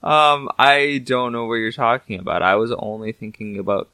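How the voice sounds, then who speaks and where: A man's voice: moderate pace, few pauses, bright, forceful tone, smooth, no echo. A man co-hosting a podcast, playing the joker with goofy questions and cracks. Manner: goofy, joking, swoops in pitch. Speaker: podcast co-host. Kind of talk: casual podcast banter.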